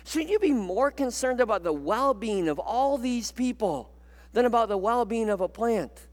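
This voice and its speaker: Brief: male preacher as an insistent divine voice, high and loud, wide swings, long echo. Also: animated, normal speed. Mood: exasperated pleading. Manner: urgent, rising, insistent. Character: exasperated pleading male deity.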